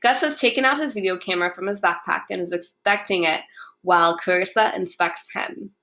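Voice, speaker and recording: A woman reading a young-adult novel aloud in first person, in a clear, even storytelling manner. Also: fairly low pitch, fairly quick. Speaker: audiobook narrator. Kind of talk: first-person audiobook narration.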